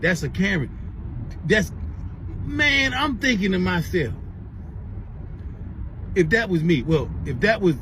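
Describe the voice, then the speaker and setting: A man's voice: high-pitched, slow pace, long pauses, slight background noise, rough recording. Profane rambling man vlogging from his car. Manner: rambling, profane, animated retelling. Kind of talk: casual storytelling rant. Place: in a car on the way to work.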